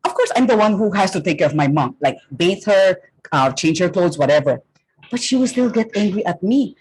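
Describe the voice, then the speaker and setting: Brief: middle-aged Filipino woman speaker, low husky voice, animated teacherly delivery. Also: brisk, rough recording. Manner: animated, teacherly, often checks in with "okay?". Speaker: guest speaker. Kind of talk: school talk to students.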